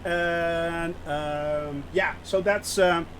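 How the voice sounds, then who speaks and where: A man with a slightly high, fairly bright voice streams a flight simulator, drawing out his words with fairly even intonation. He chats with viewers in a rambling, giggly way and often stops to laugh, over slight background noise.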